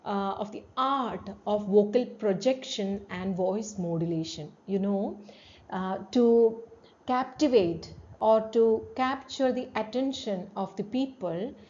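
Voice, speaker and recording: A woman gives a classroom lecture at a slow pace, defining terms, asking "you know" often, and swinging her pitch and loudness to demonstrate tones. The sound is lo-fi.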